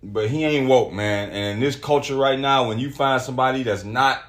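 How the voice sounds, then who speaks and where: A man hosting a solo podcast, talking casually with lots of swearing and reading articles aloud in an animated way. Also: medium pitch, moderate pace. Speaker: podcast host.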